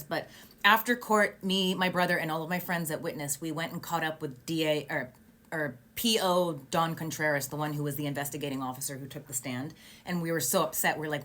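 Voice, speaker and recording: A woman with a fairly low voice tells a story in lively vlog style. She sounds animated and indignant, with quick sarcastic asides between the details. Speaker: vlogger recounting a court case. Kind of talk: storytime narration.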